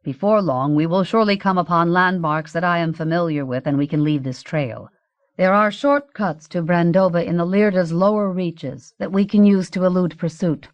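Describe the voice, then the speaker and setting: A woman's voice: on the low side, normal speed, no echo, lo-fi sound, lightly acted. A woman voicing a grave, formal older archduke in an audiobook. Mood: worried. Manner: formal, explanatory. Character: grave older male archduke, anxious guide.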